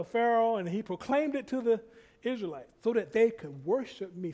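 High-voiced male preacher. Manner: repetitive, rising and falling in loudness. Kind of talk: sermon.

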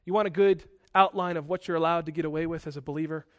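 A man preaching a sermon, animated and quick to act out angry outbursts, with self-correcting asides. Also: on the high side.

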